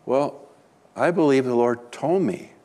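A man voicing his wife, a gentle and bold woman, in a soft and earnest tone. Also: mid-range voice, measured pace, close to an everyday voice.

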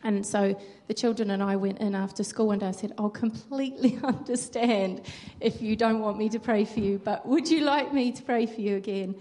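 A woman's voice: mid-range voice, steady tone, moderate pace, hardly any pauses, mellow. A woman earnestly telling a personal testimony at church. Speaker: church member sharing testimony.

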